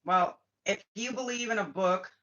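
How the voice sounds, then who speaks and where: A woman chats casually on her spiritual livestream, ranting to viewers with blunt, frequent profanity. Her mid-range voice is bright and forceful at a moderate pace, and the audio is dull and lo-fi.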